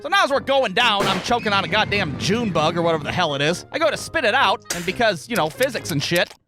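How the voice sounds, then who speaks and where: A man narrating a comedic animated story in a profane, sarcastic, exaggerated way. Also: high voice, fast talker, over music. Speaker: cartoon storyteller.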